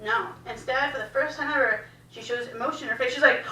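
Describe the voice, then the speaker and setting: A young woman telling a profane, animated stand-up story, laughing as she goes, in a small cafe room. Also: a little high, fast talker, far from the mic, very noisy. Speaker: stand-up comedian. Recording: echoey room, mic heard from afar.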